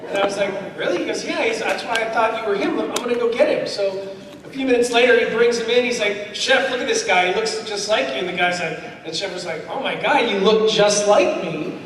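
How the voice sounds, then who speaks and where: A man with a high voice tells animated, laughing stories to a fan panel, acting out what others said. He sounds distant from the mic in a big echoing convention hall, with steady crowd noise behind him. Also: fast.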